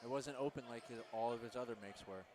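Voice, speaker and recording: A man giving relaxed, joking color commentary at a college basketball game. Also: medium pitch, quick pace, slight background noise. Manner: laid-back, joking.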